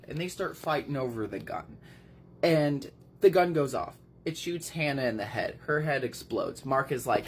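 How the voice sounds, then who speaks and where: An excitable book vlogger rambles through a plot recap in a casual, slangy way. The voice sits at a mid pitch, and the recording was made at home. A faint hiss lies under the speech. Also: moderate pace.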